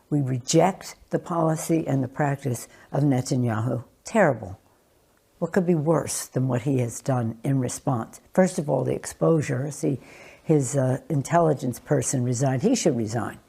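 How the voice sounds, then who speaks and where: An older woman politician answering interview questions in a measured, emphatic way, with pauses and restarts. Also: very deep voice, creaky, mellow, slightly rough.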